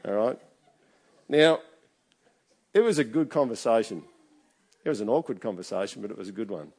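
A man's voice: on the low side, lively intonation, normal speed, darkish tone. Chatty male pastor. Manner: chatty, keeps checking in with the congregation. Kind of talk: conversational sermon.

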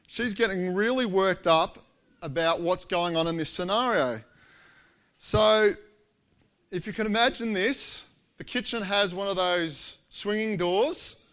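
A man preaching a sermon, telling a story with lively, acted-out quotes. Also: high voice. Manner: animated storytelling, acts out quoted lines.

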